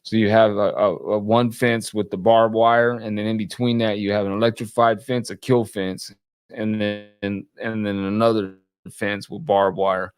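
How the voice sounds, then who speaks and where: Low-voiced man, halting and rambling. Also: flat delivery, smooth, dry recording. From California. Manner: halting, repeats words, many fillers. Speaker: guest. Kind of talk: casual conversation.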